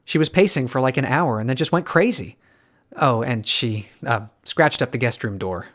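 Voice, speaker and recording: A man voicing an anxious, caring young woman who pleads and scolds in hushed bursts. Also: medium pitch, moderate pace, natural voice. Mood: worried. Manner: pleading, exasperated whispers and shouts.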